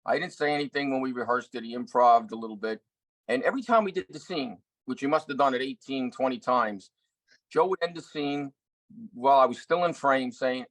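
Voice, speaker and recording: A middle-aged actor and director telling a story in an interview, earnest, with many restarts. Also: male voice, mid-range voice, brisk, fairly bright tone, dry recording, poor audio. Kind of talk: anecdotal interview talk.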